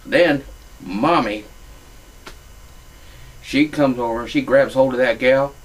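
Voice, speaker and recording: A man's voice: medium pitch, slow, distant mic, rough recording. A man, telling a crude comic story in a profane, drawling redneck manner. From Louisiana.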